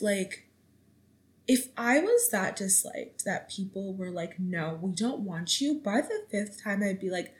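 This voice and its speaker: A young woman from Canada hosting a solo podcast, telling a story in casual chat with dramatic flair and sudden jumps in pitch. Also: a little mellow, rough recording. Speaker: podcast host.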